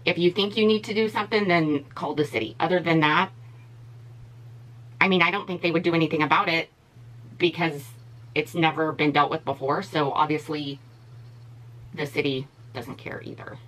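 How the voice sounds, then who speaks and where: A woman's voice: deep voice, steady tone, moderate pace, pauses often, a bit bright, rough recording. A woman beauty vlogger giving blunt, opinionated commentary in a casual chat while she does her makeup.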